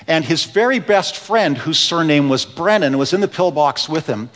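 A man preaching a sermon in a church, telling stories earnestly, dropping to a hush and then building with emphasis. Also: a little high, lively intonation, moderate pace. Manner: earnest storytelling preacher, swings between hushed and rising emphasis. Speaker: pastor. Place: church sanctuary. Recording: long reverb of a large hall.

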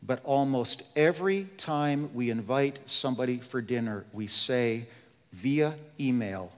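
A male pastor preaching a sermon in a slow, earnest and emphatic way. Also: medium pitch, big-room sound.

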